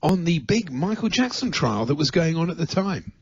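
A man's voice: a little high, big pitch swings, moderate pace, darkish tone, breathy edge, no echo. A man co-hosting a radio show, chatting casually and laughing easily. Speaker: radio co-host. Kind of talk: casual chat. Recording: dry, dull lo-fi radio recording.

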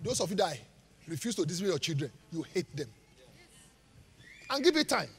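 High, lively pastor preaching live. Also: male voice, brisk, slightly rough. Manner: call-and-response, leaves gaps for the congregation to finish verses; jokes and laughs with the congregation. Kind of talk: live sermon. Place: church auditorium. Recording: live church hall reverb.

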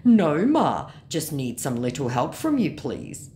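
A woman voicing a pushy male online scammer who pleads in halting, broken English. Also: sits low, wildly swooping pitch, mellow, a little hiss or hum, full character voice. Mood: pleading.

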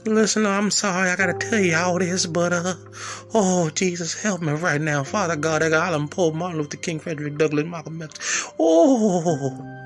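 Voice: mid-range voice, normal speed, faint music behind, lightly acted. A performer playing a hysterical, bossy mother who wails and scolds in a comedy sketch. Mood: wailing. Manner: wailing, preachy, scolding.

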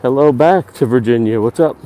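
On a live-stream walking tour of a hillside park at dusk, a man narrates outdoors, out of breath from climbing stairs. He's chatty and calls his viewers "guys." His mid-range voice is mellow and fairly quick.

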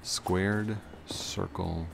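A laid-back yeti from a game drawls like a wrestling guru, as a man puts him on. His voice sits low and quiet, stretched out slowly. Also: steady tone, gravelly, music in the background, full character voice. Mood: mellow. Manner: slow, drawn-out and low.

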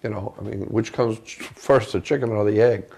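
A man being interviewed as a guest, earnestly recounting a personal story in a halting way, often restarting his sentences. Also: lowish voice, steady tone, gravelly, dark tone, husky.

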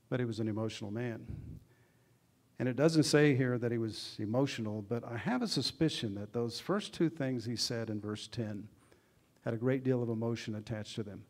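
An earnest sermon comes from a pastor, a man whose voice sits in the mid range. Inside the church, he asks the congregation questions and shifts back and forth between booming emphasis and soft asides.

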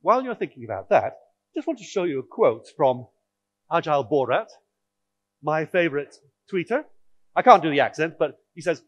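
A man's voice: on the high side, big pitch swings, normal speed, dry recording. A man giving a technical conference talk, explaining in a wry, audience-directed way. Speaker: conference speaker.

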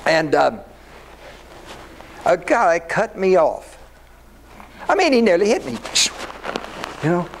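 An older man giving an animated storytelling talk to an audience. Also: high voice, slow pace, long pauses, a little hiss or hum, low-quality recording. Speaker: speaker.

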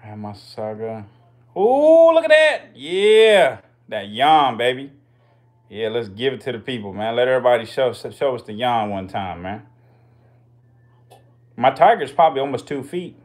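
Male live-stream host, mid-range pitch, loose slangy and profane patter with bursts of hype. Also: moderate pace, pauses often, darkish tone. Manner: slangy, profane, hyped banter. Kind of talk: casual live-stream commentary.

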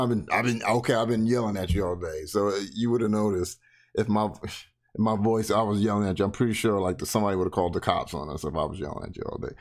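Low-voiced guy reacting to a clip, sarcastic, swears a lot, kinda quiet. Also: quick pace. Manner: blunt, sarcastic, swears freely; talks softly. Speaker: reaction commentator. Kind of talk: casual commentary.

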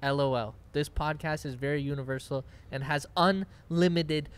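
A man's voice: fairly high pitch, fairly even intonation, moderate pace, smooth. Young man co-hosting a casual podcast. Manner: joking, teasing, reads listener reviews aloud. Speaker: podcast co-host. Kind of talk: casual chat.

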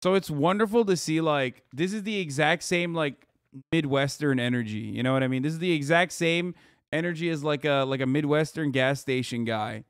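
A man streaming casual reaction commentary, animated and swearing a lot. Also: a little high, moderate pace, no room sound, clean studio sound.

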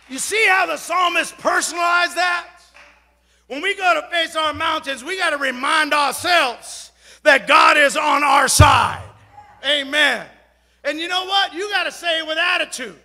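Shouting preacher, high bright voice. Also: male voice, unhurried, creaky. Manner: builds from quiet storytelling to shouted exhortation. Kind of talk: Pentecostal-style sermon. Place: large church sanctuary. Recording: long church hall reverb, congregation faintly heard.

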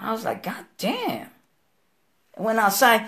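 Male guest, storyteller type, slangy and profane, swings his pitch around, rough fry in the voice. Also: normal speed. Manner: animated, profane street slang, acts out quoted voices. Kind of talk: storytelling interview.

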